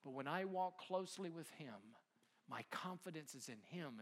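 A middle-aged male pastor preaching a sermon, swinging from hushed near-whispers to loud, near-shouted passages. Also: a little high, animated, moderate pace.

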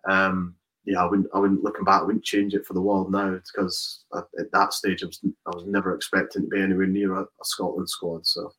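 A young man with a lowish voice talks through his rugby career in an easy, rambling way. He circles back on himself often, with plenty of "like" and "um" along the way. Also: little pitch movement, brisk, a bit bright, rough recording. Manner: casual, rambling with many fillers and restarts. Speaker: rugby player guest. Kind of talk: casual interview chat.

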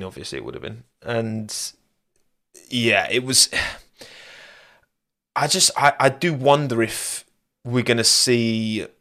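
A man's voice: lowish voice, vocal fry, pushed and bright. A young man hosting a live-streamed podcast, chatting casually and rambling, often laughing at his own asides. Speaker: podcast host.

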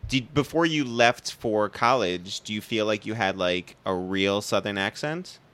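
Low-voiced man co-hosting a podcast. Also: lively intonation, unhurried, fairly bright tone. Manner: easygoing, laughs often while asking questions. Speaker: podcast co-host. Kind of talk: casual interview chat.

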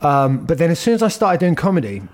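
A man, a comedian telling lively anecdotes with laughs in a casual interview. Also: fairly high pitch, fast. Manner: animated, anecdotal, laughs while telling stories. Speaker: guest comedian.

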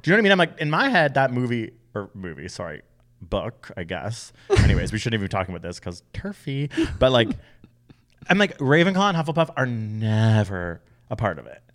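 A man co-hosting a podcast in casual chat, talking in an animated, rambling way that swings from loud to soft. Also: lowish voice, brisk. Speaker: podcast co-host.

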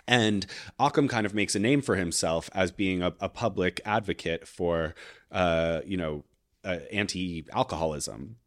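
A man co-hosting a podcast, telling a history story in a casual, expressive and irreverent way. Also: low-pitched, measured pace. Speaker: podcast co-host.

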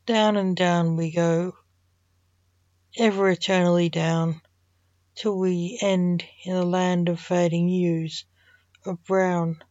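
A woman author reading her own dark, poetic story in a slow, measured way, in a dull lo-fi recording. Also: fairly low pitch, little pitch movement, dry recording.

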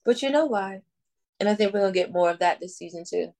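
A woman's voice: mid-range voice, expressive, quick pace, gravelly, darkish tone. A woman co-hosting a podcast in casual chat, talking with enthusiasm and casual swearing. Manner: enthusiastic, chatty, profane. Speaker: podcast co-host.

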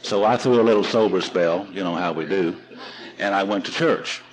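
A man's voice: low-pitched, moderate pace, rough recording. A man telling self-mocking stories to a seminar audience from a podium, in an archival recording. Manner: folksy, self-mocking storyteller. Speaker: seminar speaker. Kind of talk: storytelling talk at a recovery seminar.

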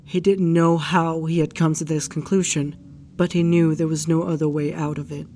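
Low-voiced woman narrating a grim horror tale. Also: flat delivery, moderate pace, faint music behind. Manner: hushed, grief-stricken retelling. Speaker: narrator recounting a case file. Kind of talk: first-person audio drama narration.

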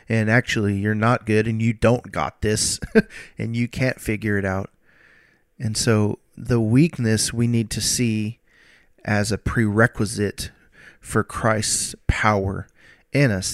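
A man preaching a sermon in an earnest way. He slows down and stretches key phrases for emphasis, and acts out quoted prayers with rising intensity. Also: fairly low pitch, no room sound, clean studio sound.

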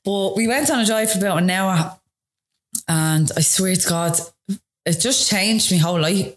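A young woman with a Dublin accent, telling her story in a chatty, casual way with quick, laughing asides. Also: medium pitch. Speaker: interview guest.

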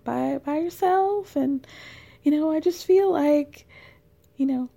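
A woman voicing a weepy, passive-aggressive middle-aged mother who talks in a high, simpering, teary way. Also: slow, gravelly, mellow, exaggerated voice. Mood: tearful.

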